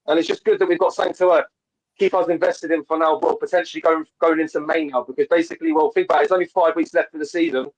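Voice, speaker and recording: A man calls in to a fan show over a video call and talks fast about football. His voice sits a touch high for a man, and he pushes on eagerly, restarting his sentences as he goes. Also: steady tone, low-quality recording. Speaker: caller. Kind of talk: casual fan call-in chat.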